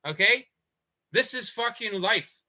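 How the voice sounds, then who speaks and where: A man's voice: high voice, animated, slow pace, pushed and bright. A man in a livestream rant, talking in a heated, profane and rambling way. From Canada. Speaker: activist livestreamer.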